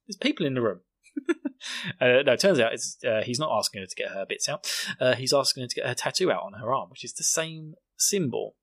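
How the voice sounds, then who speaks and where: A man's voice: medium pitch, animated, fairly quick, fairly bright tone, dry recording. A young British man hosting a podcast, recapping an episode in a jokey, sarcastic, rambling way. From Britain. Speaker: podcast host.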